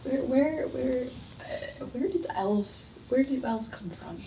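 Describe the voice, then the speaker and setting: A woman's voice: high voice, takes it slowly, creaky, dark tone, reverberant, distant mic, slight background noise. A woman playing a tabletop game, hesitant and giggly, often trailing off. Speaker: player. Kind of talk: casual tabletop game chat.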